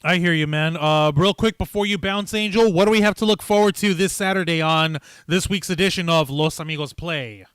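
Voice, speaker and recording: A man hosting a casual livestream, talking in a loose, energetic way and swearing freely. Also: a little high, brisk, hardly any pauses, clear, resonant tone, no echo. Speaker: host.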